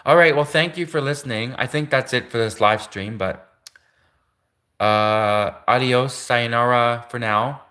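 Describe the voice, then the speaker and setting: A man's voice: medium pitch, unhurried, bright, forceful tone, roomy sound. A man hosting a livestream, talking in a rambling, casual monologue full of fillers. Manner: rambling, heavy on fillers and restarts. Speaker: livestream host.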